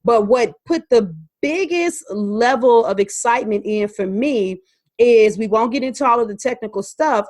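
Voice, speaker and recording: A woman, telling an animated story about learning Spanish. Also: fairly high pitch, dry recording. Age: 40s. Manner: lively, animated storytelling with quoted voices. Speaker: podcast host and Spanish learner. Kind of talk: testimonial talk.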